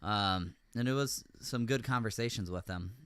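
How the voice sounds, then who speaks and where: A man hosting a podcast, recounting events in casual chat, rambling with many fillers and getting animated when he rants. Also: lowish voice, moderate pace, clean tone, no echo. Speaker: podcast host.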